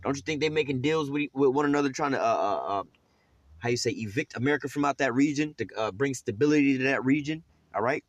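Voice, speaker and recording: Fast-talking man in rough scripture teaching. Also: mid-range voice, expressive, no room sound, dull audio. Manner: streetwise, profane, rambling with many fillers.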